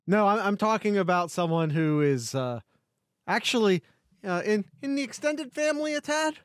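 A man co-hosting a casual sports podcast, talking in a rambling, joking way full of restarts. His voice sits a little high. It is recorded close and dry, with no room sound. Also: lively intonation, normal speed, smooth, dry recording. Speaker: podcast co-host. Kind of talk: casual chat.

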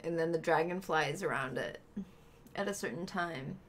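A woman's voice: low voice, normal speed, a little hiss or hum. A woman streaming herself playing a video game, chatting casually with viewers and friends in the room.

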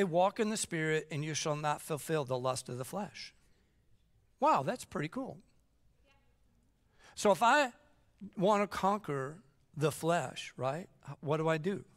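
A middle-aged man preaching a sermon as pastor, joking and acting out whiny kids between Bible readings. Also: fairly high pitch. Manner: jokey, animated, acts out kids whining. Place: church sanctuary. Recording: long church hall reverb.

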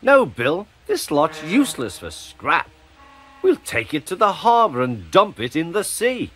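A man's voice: fairly high pitch, wildly swooping pitch, a little slow, a bit bright, a little hiss or hum, pitched above the performer's own voice, heavily acted. A man voicing a pair of mischievous little twin engines teasing a bigger engine. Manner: teasing, playful.

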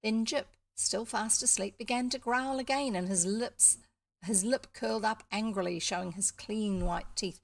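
A woman with a New Zealand accent and a gravelly, medium-pitched voice reads a children's book aloud at a moderate pace. She pauses for chatty asides that explain things.

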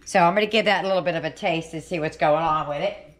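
A woman's voice: deep voice, quick pace. A middle-aged woman hosting a home cooking video, chatting and thinking aloud as she cooks. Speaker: cooking channel host. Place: home kitchen.

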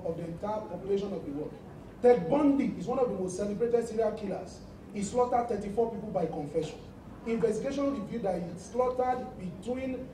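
A man with a Nigerian accent, a lawyer giving a public talk on a panel, speaking emphatically and building up to loud points. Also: extremely high pitch, distant mic, a little hiss or hum. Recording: echoey room, voice picked up from afar.

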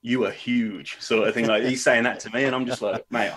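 A man's voice: medium pitch, fairly even intonation, a little fast, a bit bright, slightly rough. A young adult man, a wrestler chatting as a podcast guest and telling stories in a casual, friendly way. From England. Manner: chatty storyteller, says "mate".

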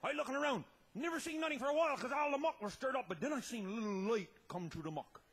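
A man telling a tall tale as a comedy monologue, loud and laughing, often breaking into shouts. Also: extremely high pitch, expressive, fast, a little hiss or hum. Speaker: comic storyteller.

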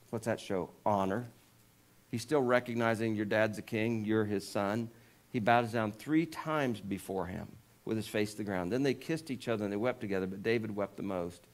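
A male pastor delivering a sermon in a casual, storytelling way. His voice sits at a middle pitch. He drops in jokes and asides, and he lifts his voice when he acts out the lines of the people in the story. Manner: lifts pitch and volume when voicing quoted figures.

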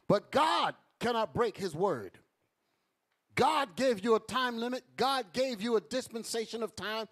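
High-voiced man preaching a Bible class. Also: expressive, a little slow, a bit bright. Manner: emphatic, calls out to the audience.

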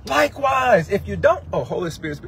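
A man's voice: sits high, very animated, fairly quick, fairly bright tone, a little hiss or hum. A man preaching a sermon on a livestream, impassioned and emotional, breaking into song. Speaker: pastor. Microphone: livestream phone mic.

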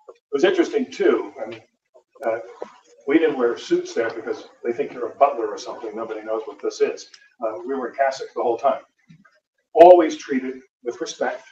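An American man, a Catholic priest, tells stories from the podium with relaxed, dry humor and frequent fillers. His voice sits in the middle range and is picked up from a distance in a roomy hall. The sound is dull and lo-fi, with faint noise underneath. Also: medium pitch. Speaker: Catholic priest giving a conference talk. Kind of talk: anecdotal conference talk. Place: lecture hall.

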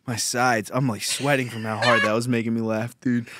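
A young man hosting a casual podcast chat, telling stories with lots of laughter and loud mimicry. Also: mid-range voice, moderate pace, background noise. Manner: animated storytelling, laughing, mimicking a friend in loud shouts. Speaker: podcast host and comedian.

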